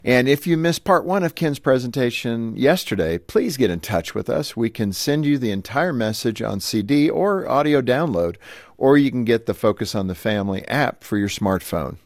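A man's voice: medium pitch, expressive, moderate pace, dry recording, clean studio sound. A male radio host and ministry president introducing a guest speaker in an earnest, scripted way.

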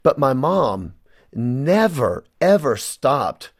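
A man's voice: medium pitch, big pitch swings, drawn-out words, breathy edge, dry recording. Man guest, earnest testimony, dry close studio mic. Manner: earnest, emotional storytelling. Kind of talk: personal testimony in a radio interview.

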